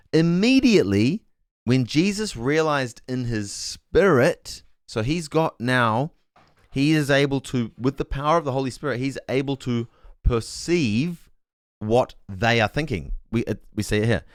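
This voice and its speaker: A man's voice: medium pitch, lively intonation, a little slow, dry recording, clean studio sound. A man streaming a casual Bible talk, thinking aloud and correcting himself as he goes, and reading chat messages aloud with puzzled asides.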